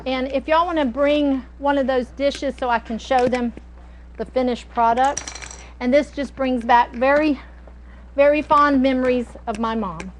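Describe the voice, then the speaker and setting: A woman's voice: sits high, steady tone, a little slow, a little hiss or hum, low-quality recording. A middle-aged woman, chatting and telling stories while teaching a cooking class. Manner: chatty, storytelling, folksy. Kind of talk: casual cooking demonstration.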